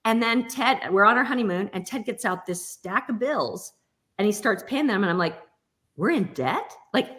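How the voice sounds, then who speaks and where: A middle-aged woman chatting as a guest author, an animated storyteller who laughs often. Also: medium pitch, moderate pace. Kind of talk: casual chat.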